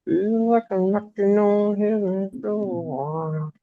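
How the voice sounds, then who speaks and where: A man dropping slow, sing-song lines into a casual stream chat. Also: high-pitched, fairly even intonation, narrow, tinny audio.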